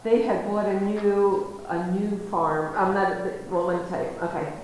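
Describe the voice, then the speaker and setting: A woman's voice: medium pitch, fairly even intonation, a little slow, a little mellow. Rambling American woman in an echoey hall. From United States. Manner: rambling, self-interrupting, many restarts. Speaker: guest lecturer. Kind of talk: personal storytelling lecture. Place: lecture hall. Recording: very echoey hall, faint noise.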